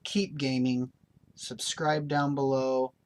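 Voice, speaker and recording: A man's voice: mid-range voice, level tone, slow. A man hosting a gaming channel, giving casual show-and-tell in a blunt, opinionated, rambling way.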